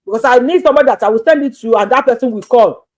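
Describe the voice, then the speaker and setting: A high-pitched Nigerian woman speaks directly to her viewers in an urgent plea. She begs again and again, racing through some lines and drawing others out slowly. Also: darkish tone. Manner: pleading, begging, repetitive; shifts between fast talk and slow drawn-out appeals. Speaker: social media creator. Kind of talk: impassioned plea to camera.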